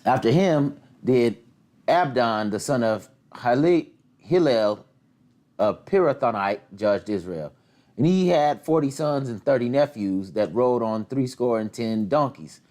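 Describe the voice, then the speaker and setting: A man reading Bible verses aloud at a steady pace, now and then stumbling over hard names. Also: medium pitch, a little slow. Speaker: scripture reader.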